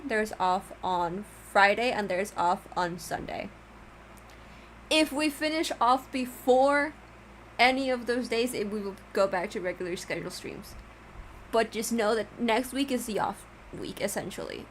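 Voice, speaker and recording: A woman streamer giving casual let's-play commentary, gushing, excitable and giddy. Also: medium pitch, slight background noise.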